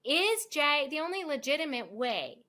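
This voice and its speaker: A woman talking as a lawyer guest in a casual interview, speaking in an animated, emphatic way and leaning on fillers. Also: a little high, measured pace.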